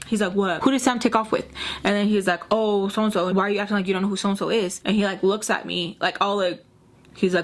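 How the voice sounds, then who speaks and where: A woman's voice: medium pitch, fairly even intonation. Young woman telling a wild storytime. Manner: fast, profane, constant fillers, acts out quoted dialogue. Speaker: beauty vlogger telling a story. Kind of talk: casual storytime.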